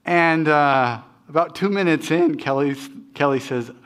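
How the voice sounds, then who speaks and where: A man's voice: fairly high pitch, unhurried, fairly bright tone, clean tone. Conversational middle-aged male pastor. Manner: conversational, self-deprecating, frequent restarts. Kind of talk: sermon with personal stories.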